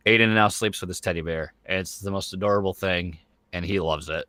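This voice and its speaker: A man in his thirties with a low, bright, forceful voice, chatting casually as a podcast host. He rambles along, stuffing his talk with fillers. The sound is dry and close, with no room around it. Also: fairly quick, no room sound. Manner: rambling, full of fillers like "like" and "you know". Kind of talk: casual chat.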